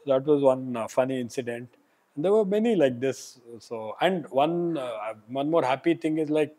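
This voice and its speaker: Animated man telling doctor stories. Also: on the high side. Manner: animated, laughs while telling anecdotes. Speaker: pulmonologist guest. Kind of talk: casual interview storytelling.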